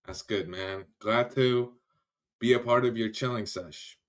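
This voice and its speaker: A man's voice: medium pitch, measured pace. A man hosting a casual livestream, greeting viewers by name in a loose, chatty way and often trailing off. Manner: laughs easily, trails off and restarts. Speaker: livestream host. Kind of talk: casual live-stream chat.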